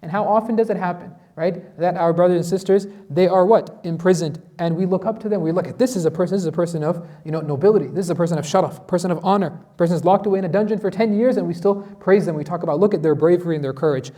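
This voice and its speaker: A man's voice: high voice, fast, hardly any pauses, dark tone. A man teaching a Quran lesson as an imam, asking his class questions and reciting Arabic verses.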